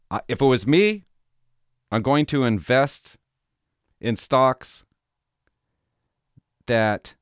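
A man's voice: mid-range voice, no echo, studio quality. A middle-aged man vlogging, telling rambling stories in casual chat with many restarts.

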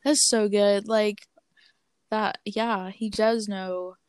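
A woman's voice: medium pitch, fairly even intonation, slow pace, a little mellow, smooth, no room sound, clean studio sound. A young woman hosting a casual faith-based chat, upbeat and affirming, with lots of fillers. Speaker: host.

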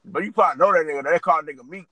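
A man's voice: a little high, rapid-fire, bright, forceful tone. A young man co-hosting a podcast, chatting casually, echoing jokes and telling a rambling story. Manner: chimes in with jokes, echoes punchlines, rambling storyteller. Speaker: podcast co-host. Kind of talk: casual chat.

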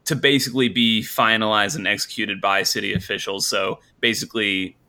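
Low, bright-voiced man chatting casually. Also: fairly even intonation, a little fast. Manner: rambling, lots of fillers and restarts, laughs often. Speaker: podcast co-host. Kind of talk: casual sports podcast chat.

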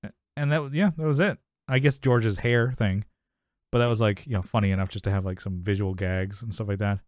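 A lowish, fairly even male voice, a little fast, comes through a dry studio-quality recording. This podcast co-host chats casually, rambling through a sitcom recap, laughing often and performing the characters' dialogue.

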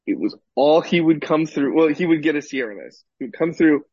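A man co-hosting a podcast, an animated storyteller in casual chat who swears freely. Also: on the high side, a little fast, breathy edge, no echo, highs cut off. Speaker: podcast co-host.

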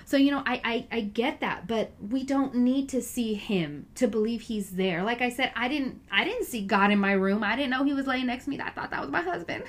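Earnest chatty woman, slightly high voice. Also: normal speed. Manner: chatty, earnest, full of "you know" and "like". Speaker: Bible study speaker. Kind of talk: casual Bible reflection.

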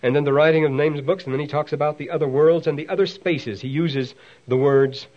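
A man's voice: fairly high pitch, fairly quick, highs cut off. A man giving a classroom lecture, talking in a discursive way with many asides and restarts. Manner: reads quoted passages aloud with lively emphasis.

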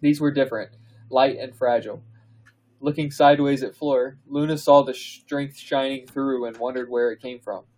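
Man, podcast co-host, slow dramatic reading of fan fiction, mid pitch, breaks into laughs. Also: steady tone, a little mellow, poor audio. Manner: reads slowly, breaks into laughs and asides.

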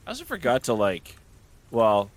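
A man serving as game master, his pitch rising and falling freely as he talks. He sounds relaxed and jokey, reading rules aloud over a video call. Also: moderate pace.

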